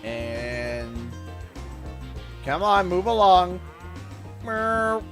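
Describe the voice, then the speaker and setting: A man from Canada giving casual, chatty livestream commentary while playing a game, animated and playful. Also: fairly high pitch, moderate pace, faint music behind. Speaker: streamer.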